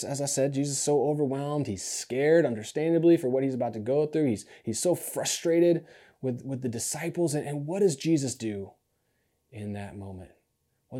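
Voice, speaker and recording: A man preaching a sermon, earnest, repeating key phrases and dropping to a soft, low voice for emphasis. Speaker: pastor.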